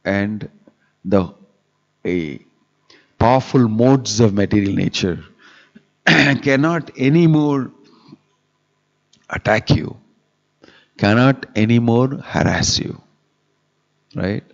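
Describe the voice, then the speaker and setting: A man's voice: fairly low pitch, takes it slowly, creaky, pauses often, a little mellow. A man, a monk, giving a sermon on scripture, reciting Sanskrit verses and repeating key phrases with rhetorical questions. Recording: dull lo-fi live webcast audio.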